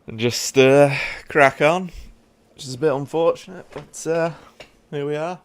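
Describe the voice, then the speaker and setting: A man's voice: a little high, moderate pace, a little mellow. A tired young British man streaming a game, chatting bluntly with his viewers. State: tired, yawning. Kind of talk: casual live-stream chat over gameplay.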